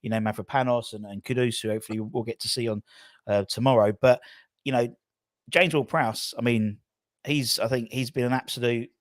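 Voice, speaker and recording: A man's voice: medium pitch, steady tone, a little fast, no echo, studio quality. Enthusiastic male fan-channel host. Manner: enthusiastic, reading viewer questions. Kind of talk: casual live chat.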